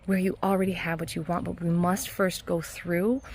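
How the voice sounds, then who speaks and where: A woman hypnotherapist talking casually in a self-help vlog, earnest and encouraging, with soft laughs. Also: on the low side, flat delivery, normal speed, a little hiss or hum. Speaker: hypnotherapist and mindset coach.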